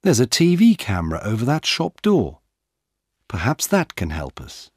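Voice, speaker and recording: A man's voice: mid-range voice, wildly swooping pitch, moderate pace, husky, no echo, clean studio sound. A man putting on a keen young policewoman. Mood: curious. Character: young female police officer, alert and keen.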